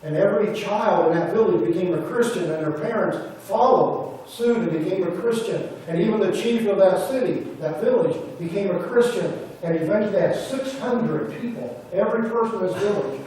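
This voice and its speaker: A man's voice: sits high, fairly quick, hardly any pauses, darkish tone, slight background noise. A man preaching a sermon, retelling a story and quoting the people in it. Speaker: pastor. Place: church sanctuary. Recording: roomy church audio from a distance.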